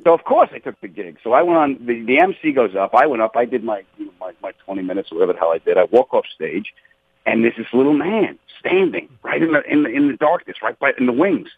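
A man tells comedy-club stories as an interview guest, jumping his voice up whenever he acts out what someone said. He comes through a tinny phone line with a husky, dry sound. His pitch sits in a middle range. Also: fast talker, dry recording. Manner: animated, acts out quotes with big pitch jumps. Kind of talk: storytelling in a radio interview.

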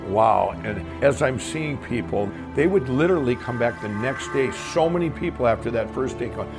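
Gravelly-voiced man, candid rambling storyteller who acts out the dialogue, faint music behind. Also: mid-range voice, expressive, normal speed. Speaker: guest telling his life story. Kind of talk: personal storytelling.

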